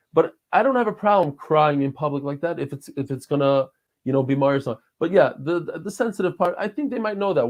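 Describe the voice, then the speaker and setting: Slightly high and darkish in tone, this podcast guest in his forties, with roots in New York and Israel, chats casually. His stories wander warmly, and he frequently starts over mid-thought.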